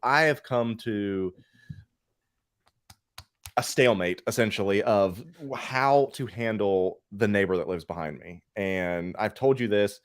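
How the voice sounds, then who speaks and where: A tired man co-hosting a casual collecting show, telling an animated story and swearing freely. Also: on the low side, a little slow, clear, resonant tone, no room sound. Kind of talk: casual podcast chat.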